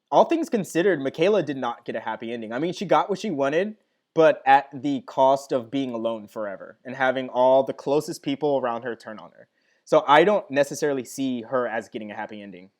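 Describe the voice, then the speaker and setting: A young man hosting a live stream, chatting casually and reading viewer comments aloud with lively enthusiasm. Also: medium pitch. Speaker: live-stream host reacting to a TV finale.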